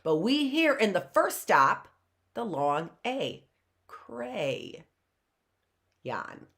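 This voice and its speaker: A woman teaches young children their letters in a slow, unhurried voice that rises and falls a lot. Her tone is bright, and she stretches out words and repeats her questions the way teachers do with little kids. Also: medium pitch, very animated. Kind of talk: children's phonics lesson.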